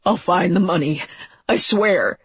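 A woman's voice: fairly low pitch, unhurried, slightly rough, dry recording, full character voice. A woman voicing a terrified grown man begging for his life in a shuddering, pleading voice. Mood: desperate pleading.

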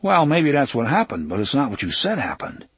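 Casting: a man playing a fast-talking, wisecracking young guy, slightly higher voice, husky. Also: huge pitch swings, dry recording, exaggerated voice. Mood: challenging. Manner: quick, jokey, fast-talking.

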